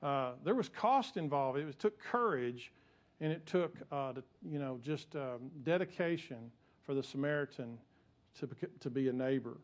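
A man's voice: medium pitch, animated, normal speed. A male pastor, preaching a sermon in a conversational way that builds to emphatic peaks.

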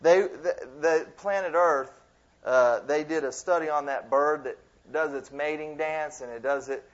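A man preaches to a youth group in a loose, conversational way, breaking off into playful asides and building to emphatic points. His voice sits somewhat high for a man. The recording is dull and lo-fi. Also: measured pace. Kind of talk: sermon. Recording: dull lo-fi sound.

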